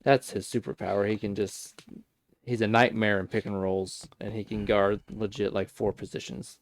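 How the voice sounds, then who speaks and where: Low-voiced man in easygoing sports chat. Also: flat delivery, moderate pace, no room sound. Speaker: podcast co-host.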